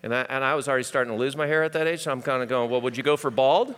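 A middle-aged male pastor preaching a sermon, telling personal stories that swing from loud to hushed. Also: medium pitch, racing, background noise. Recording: hall reverb.

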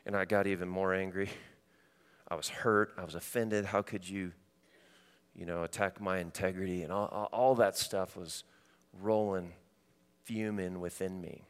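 A man preaching a sermon to a congregation, swinging from loud animated stretches to quiet, intimate ones. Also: deep voice, moderate pace, smooth, in a large hall. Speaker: pastor.

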